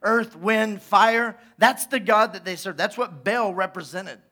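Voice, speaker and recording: Bright, high-voiced pastor preaching animatedly. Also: male voice, measured pace. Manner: animated storytelling, acting out quotes in asides. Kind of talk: sermon.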